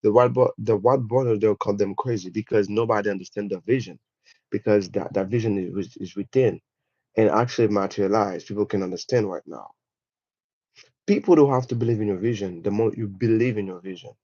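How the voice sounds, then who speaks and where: A man with a French accent gives a motivational livestream talk, pressing his points emphatically and repeating them. His voice sits low. The sound is dull and dry, like a lo-fi home setup. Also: brisk, a little mellow, dry recording. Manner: emphatic, repetitive, addresses viewers as guys. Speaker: livestream host.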